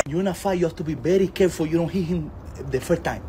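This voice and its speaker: Man, high voice, scolding, teasing, broken English. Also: wildly swooping pitch, a little fast, a bit bright, slight background noise. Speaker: comedy sketch creator playing a strict dad. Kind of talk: comedic sketch.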